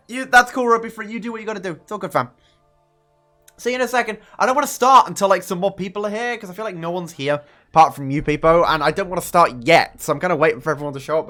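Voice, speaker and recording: A young man chats on a home live stream, his pitch leaping around animatedly and sitting a little high for a man. He swears freely and jumps into sudden high excited bursts. Faint music plays under his voice. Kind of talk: casual live-stream chat with viewers. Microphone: desk microphone.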